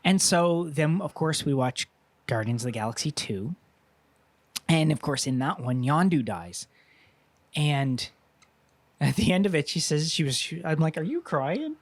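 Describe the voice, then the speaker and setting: A man's voice: a little high, expressive, unhurried, long pauses, no echo. A man co-hosting a casual talk show, rambling through a long story and acting out quotes with a raised voice. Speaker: podcast co-host. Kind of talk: casual chat.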